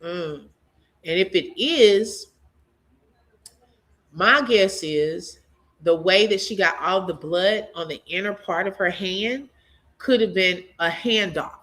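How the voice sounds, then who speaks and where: A woman hosting a casual live commentary, reading viewer comments aloud, chatty and animated, laughing often and talking straight to her viewers. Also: on the low side, takes it slowly, pauses often. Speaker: channel host reacting to a court case.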